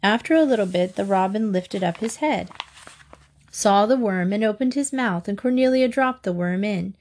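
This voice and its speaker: A woman narrating a children's storybook in a steady, gentle storytelling manner. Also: mid-range voice, normal speed.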